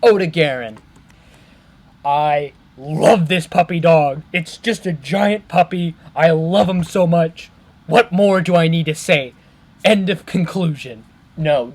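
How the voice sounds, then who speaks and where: A man rambling eagerly in casual gaming commentary, breaking off and restarting his sentences and jumping into high squeals when excited. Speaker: gaming video creator.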